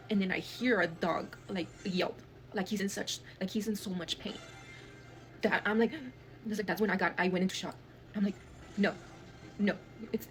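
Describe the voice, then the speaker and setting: A young woman telling a personal story in a storytime clip, emotional and profane, acting out what people said. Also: medium pitch. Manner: fast, emotional, profane retelling with acted quotes. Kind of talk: storytime video.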